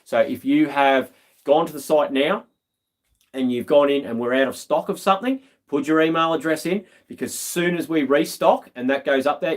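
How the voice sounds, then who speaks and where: An Australian man hosting a live stream, telling stories in a laid-back, slangy way with lots of ums. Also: mid-range voice. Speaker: livestream host. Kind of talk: casual live-stream chat.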